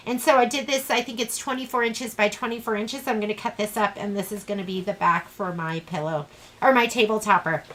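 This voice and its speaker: A woman's voice: medium pitch, fairly quick, fairly bright tone, poor audio. A woman teaching a live online sewing class, chatting in a rambling, self-deprecating way as she works. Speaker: sewing instructor.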